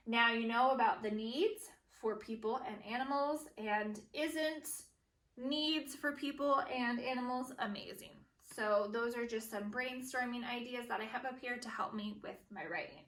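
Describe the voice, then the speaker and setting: Bright, echoey woman teacher modeling writing. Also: on the high side, recorded from a distance. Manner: slow, deliberate, says each word aloud as she writes it. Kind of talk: modeling writing for young students. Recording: echoey room, voice a bit off-mic.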